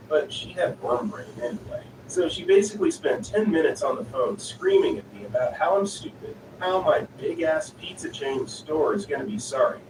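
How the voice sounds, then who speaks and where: A man reading online stories aloud in an even, unhurried narrating style. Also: mid-range voice. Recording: echoey, distant voice with noisy ambience.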